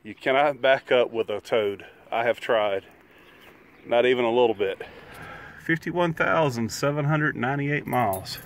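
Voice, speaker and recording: A man's voice: medium pitch, unhurried. A man vlogging casually outdoors beside his RV, walking viewers through the steps in a folksy, chatty way. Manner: folksy, chatty, explains step by step. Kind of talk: casual how-to vlog.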